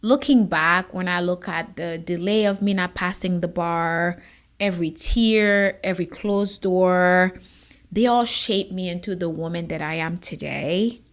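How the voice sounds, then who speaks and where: A woman's voice: on the low side, a little slow. A woman attorney hosting her own show, giving an earnest personal testimony and sometimes close to tears. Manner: emotional, near tears at times; earnest, encouraging. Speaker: podcast host, immigration attorney.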